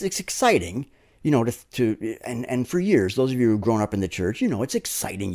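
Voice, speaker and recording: A man's voice: medium pitch, a little mellow. A man preaching a sermon, telling stories conversationally and checking in with "right?" tag questions.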